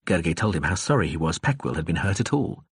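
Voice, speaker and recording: A man narrating an audiobook in a calm storytelling manner. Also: low-pitched, fast talker, husky, dry recording, clean studio sound. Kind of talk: scripted narration.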